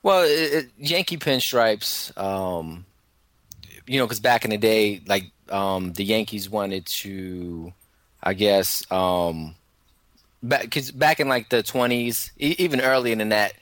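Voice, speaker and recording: A man co-hosting a casual radio show, talking sports in a relaxed way, laughing and drawing out his words. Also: lowish voice, takes it slowly, dry recording.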